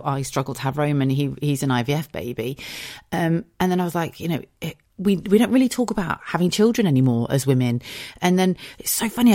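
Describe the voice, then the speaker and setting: A woman in her thirties from Cheshire in England with an English accent, hosting a solo podcast in a chatty, animated way and swearing freely. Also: sits low. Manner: chatty, swears freely, animated storytelling with put-on quoted voices. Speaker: podcast host.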